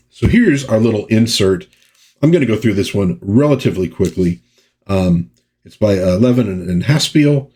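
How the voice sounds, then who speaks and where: A man's voice: fairly low pitch, expressive, moderate pace, a little mellow. A middle-aged man reviewing a vintage comic book in a casual chat, reading the panels aloud and sometimes giving the characters playful voices.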